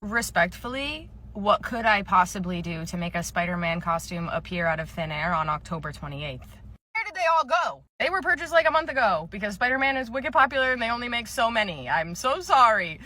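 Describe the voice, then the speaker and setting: Young female comic storyteller, bright tone, dry sarcastic delivery. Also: medium pitch, fairly quick, few pauses. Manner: deadpan, sarcastic. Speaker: comedy creator, former store cashier. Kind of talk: comedic storytime skit.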